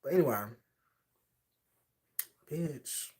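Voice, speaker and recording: A man chatting on his livestream, spinning a story with plenty of sass. His pitch swings up and down as he talks. He acts out other people's lines as he goes. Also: extremely slow, background noise. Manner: sassy, animated, acts out quoted voices.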